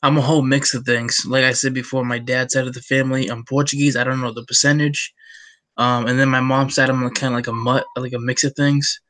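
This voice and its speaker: Brief: laid-back male host from the USA, bright tone, casual. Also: medium pitch, little pitch movement, brisk. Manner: easygoing, short agreeing replies. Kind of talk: casual chat.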